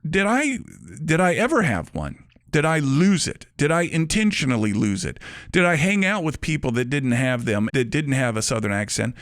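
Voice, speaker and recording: A male radio host talks through a monologue, his pitch rising and falling in a lively way. He muses aloud and asks himself questions. The sound is dry and close, with no room behind him. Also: dry recording. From Mobile, Alabama. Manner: musing, rhetorical questions.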